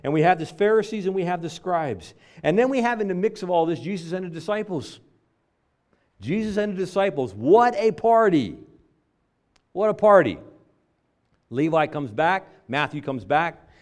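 A man's voice: a little high, expressive, normal speed. A man preaching a sermon, driving points home by repeating phrases. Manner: emphatic preaching with stacked repetitions.

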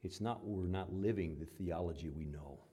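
A man preaching a sermon, moving between loud emphatic passages and quiet conversational asides, and acting out the voices he quotes. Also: low voice, normal speed, husky. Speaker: pastor.

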